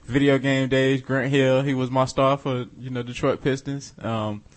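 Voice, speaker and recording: A man's voice: medium pitch, little pitch movement, normal speed. Easygoing guy on a sports podcast, mid voice, laughs a lot, loose slang. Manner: laid-back, laughs often, loose slang. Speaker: podcast co-host. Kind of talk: casual sports chat.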